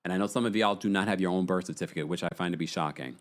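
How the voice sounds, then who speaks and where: A man's voice: deep voice, rapid-fire. Chatty man hosting a livestream recap. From United States. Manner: chatty, reads viewer super chats aloud. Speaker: podcast host. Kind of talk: casual livestream recap chat.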